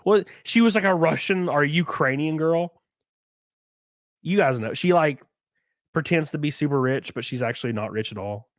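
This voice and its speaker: A man's voice: fairly high pitch, no room sound, clean studio sound. A man with an Alabama accent, stuffy from a runny nose, ranting in a casual, profane way on his livestream. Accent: Southern US, Alabama. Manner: animated, profane, mocking. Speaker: streamer host.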